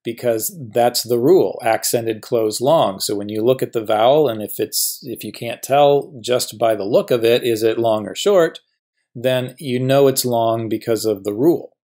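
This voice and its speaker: A middle-aged man teaching a recorded grammar lecture, patient and methodical, slowing down to sound out each example word. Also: mid-range voice, darkish tone. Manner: patient, stretches out example words slowly. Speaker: professor teaching biblical Hebrew.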